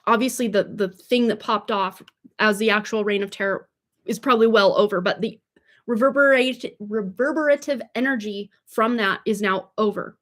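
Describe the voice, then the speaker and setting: A woman with a medium-pitched, slightly bright voice gives a casual tarot reading on a livestream mic at normal speed. She's chatty and rambling, tripping over words and laughing it off.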